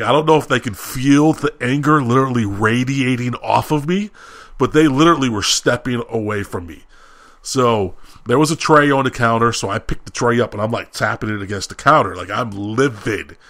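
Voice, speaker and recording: A man co-hosting a podcast, telling a story in a casual, animated way and acting out heated exchanges. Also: medium pitch, no room sound. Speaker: podcast co-host.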